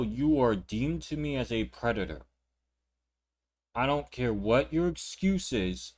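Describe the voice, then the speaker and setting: A young man ranting indignantly while reacting to clips, talking in a profane, repetitive way. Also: mid-range voice. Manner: repeats words and restarts sentences. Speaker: reaction channel host. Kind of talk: reaction commentary.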